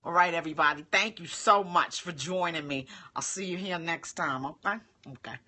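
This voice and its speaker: A woman's voice: on the low side, moderate pace, husky. A woman hosting a casual live cooking demo, chatting and tasting food as she talks to viewers. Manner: chatty and expressive, talks with her mouth full. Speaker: home cooking livestream host. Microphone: phone livestream.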